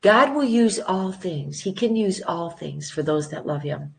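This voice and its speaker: A woman's voice: on the low side, expressive, unhurried, creaky. Earnest older woman urging prayer. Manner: earnest, preacherly encouragement. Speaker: guest. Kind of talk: casual conversation.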